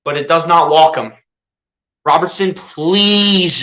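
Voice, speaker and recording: Young man, fan play-by-play, bright, slightly high, excitable. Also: unhurried. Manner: excitable, pleading with the players. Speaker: fan streaming live play-by-play. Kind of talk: casual fan play-by-play commentary.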